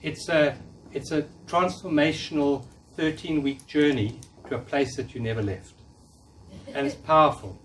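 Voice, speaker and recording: A man's voice: on the high side, normal speed, fairly bright tone. A man in his fifties giving a live talk, coaching and encouraging the audience in a room. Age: 50s. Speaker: workshop speaker. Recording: distant mic, faint noise.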